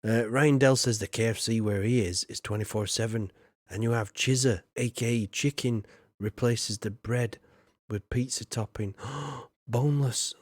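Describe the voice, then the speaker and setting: A man's voice: fairly low pitch, moderate pace, no room sound, studio quality. A man chatting casually while streaming a game, rambling and laughing often as he reads his chat.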